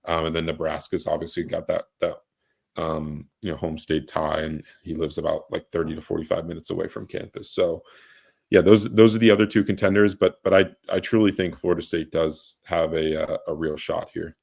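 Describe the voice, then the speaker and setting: A young man with a deep, low voice chats casually on a sports podcast. He talks in halting bursts, circling back and restarting his sentences as he thinks aloud. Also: flat delivery, gravelly, a little mellow, breathy edge. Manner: halting, many restarts and fillers. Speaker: recruiting reporter, podcast co-host.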